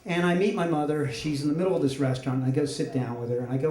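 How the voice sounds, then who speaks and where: Wry, fairly high-voiced storyteller man. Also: fairly even intonation, very fast, a little mellow. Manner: wry, self-deprecating humor. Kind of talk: live comedic storytelling. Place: stage at a story slam. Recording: roomy echo.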